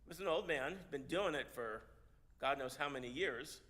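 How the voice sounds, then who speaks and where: Bright-voiced man telling a story. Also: on the high side. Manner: halting, repeats words often, animated. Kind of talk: storytelling sermon. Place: synagogue service.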